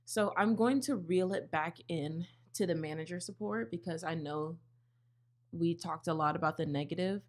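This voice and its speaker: A woman's voice: lowish voice, normal speed. A young woman co-hosting a casual podcast chat, candid and chatty, swearing freely. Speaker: podcast co-host, bartender.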